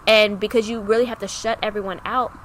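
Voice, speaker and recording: A young woman co-hosting a podcast, talking openly about her own hard times in a clear, bright voice at an ordinary pitch. She tells it with lively, acted-out dialogue. Faint noise sits underneath. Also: fast, low-quality recording. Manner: animated, acts out remembered dialogue. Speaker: podcast co-host. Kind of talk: candid personal storytelling.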